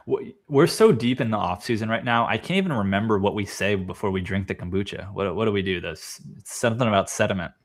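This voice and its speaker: Playful low-voiced male co-host. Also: fast talker, hardly any pauses. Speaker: podcast co-host. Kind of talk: casual chat.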